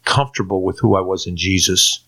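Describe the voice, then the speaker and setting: A man from Turkey tells his conversion story in a low, bright, forceful voice. He is a lively storyteller who acts out what he once said, and he often trips into repeated-word restarts. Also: fairly quick. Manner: animated storyteller who acts out his own past lines. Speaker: guest giving a testimony. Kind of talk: personal faith testimony in conversation.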